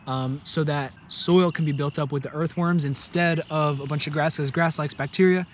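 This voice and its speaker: A man's voice: on the high side, fairly even intonation, normal speed, a little hiss or hum. A man casually vlogging outdoors, chatty and joking as he explains planting trees. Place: outdoors in fields.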